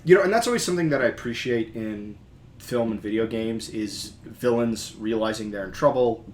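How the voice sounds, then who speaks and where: A man's voice: medium pitch, normal speed. A man who was a player, chatting casually and rambling with many fillers. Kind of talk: casual podcast chat about a tabletop campaign.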